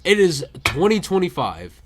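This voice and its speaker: A man's voice: a little high, sing-song, moderate pace, background noise. A young man co-hosting a podcast, joking and repeating himself in casual chat. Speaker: podcast co-host.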